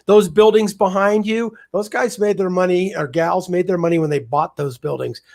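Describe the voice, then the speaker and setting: A man, a real estate investor guest on a podcast, telling his story in a candid, energetic way. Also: sits high, moderate pace, vocal fry. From United States. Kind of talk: casual storytelling interview.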